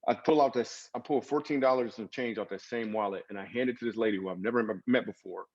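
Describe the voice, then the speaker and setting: Guesting on a podcast, this comedian-author speaks fast in a lowish voice, recounting personal stories with earnest drama and emphatic swings. The storytelling interview is muffled in the recording.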